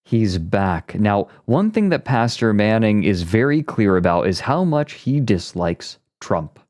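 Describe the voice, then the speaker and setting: Lively, bouncy male streamer. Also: on the low side, measured pace. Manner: jokey, reacts out loud, reads from a page. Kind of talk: casual livestream chat. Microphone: streaming mic.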